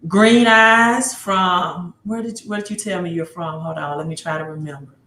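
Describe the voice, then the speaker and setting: A woman with a Mississippi accent hosting a casual livestream, talking excitedly, repeating herself and answering viewer comments. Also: lowish voice, normal speed, a little hiss or hum. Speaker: livestream host. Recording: roomy echo.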